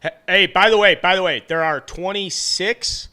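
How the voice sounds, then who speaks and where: A man co-hosting a baseball chat show, telling long rambling stories full of animated asides. His voice is bright and forceful, with a crisp, smooth resonance. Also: high voice, normal speed. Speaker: podcast co-host. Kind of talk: casual sports chat.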